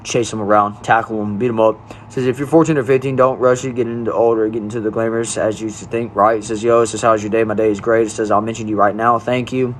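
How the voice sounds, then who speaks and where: A man's voice: lowish voice, level tone, quick pace, few pauses, slight background noise. Laid-back young man reading stream chat. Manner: easygoing, reads chat messages aloud and answers them. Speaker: livestream host reading chat. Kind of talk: casual livestream chat.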